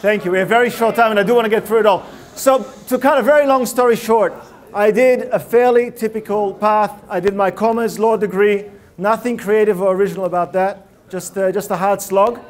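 A man giving a TED-style talk on a lecture hall stage, animated and firing rhetorical questions at the audience. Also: high-pitched, a little fast. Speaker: public speaker.

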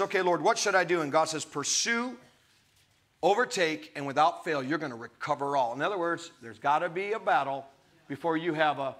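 A man's voice: high-pitched, pushed and bright. A man preaching a sermon, reading scripture aloud and breaking off into emphatic, conversational asides to his listeners.

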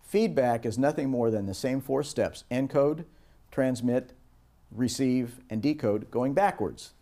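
A middle-aged man giving a recorded lesson on project teamwork, telling stories and acting out the quoted voices at a higher pitch. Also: a little slow, dark tone. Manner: storytelling, acts out quoted voices with raised pitch. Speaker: instructor.

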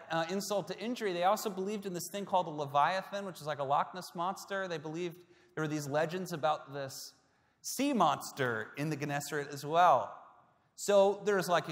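A male pastor preaching a sermon, telling a story that swings between hushed, quiet passages and loud, emphatic peaks. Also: high-pitched, long reverb tail.

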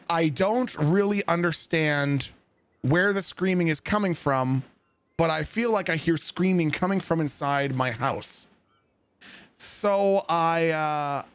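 Male streamer, high voice, telling a creepy tale live with swearing and acted-out bits. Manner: animated, profane, spoofs dialogue. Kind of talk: casual storytelling on stream.

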